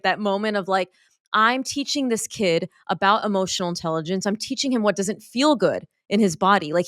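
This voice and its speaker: A woman hosting a podcast, talking in a casual, earnest way as she opens up with personal stories. Her voice sits at an ordinary middle pitch. The recording is close and dry, with no room sound. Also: dry recording. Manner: earnest, open personal storytelling. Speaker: podcast host and pediatrician. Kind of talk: casual interview chat.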